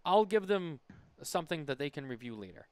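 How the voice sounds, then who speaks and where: A man's voice: fairly high pitch, big pitch swings, brisk, clear, resonant tone, no room sound. A man co-hosting a podcast, chatting casually and often restarting his sentences. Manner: conversational, many restarts and fillers. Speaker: podcast co-host. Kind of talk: casual chat.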